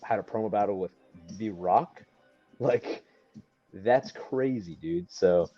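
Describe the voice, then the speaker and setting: A young male wrestler, appearing as a guest, tells a story in casual conversation with a lowish, slow, dark-toned voice. He rambles, uses lots of fillers, and acts out what people said. Faint music sits behind him, and the recording sounds dull and lo-fi.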